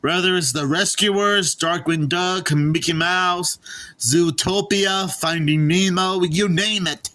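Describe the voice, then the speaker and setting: Male reviewer with a bright, forceful voice; casual and stop-start, repeats himself. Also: sits high. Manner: halting, often repeats and restarts words. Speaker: movie reviewer. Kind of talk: casual spoken movie review.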